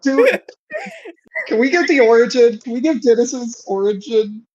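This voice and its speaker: Woman co-host, slow and animated, laughs a lot, slightly muffled recording. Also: on the high side, crowd noise. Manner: laughs a lot, lively questioning. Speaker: podcast co-host. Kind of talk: casual review chat.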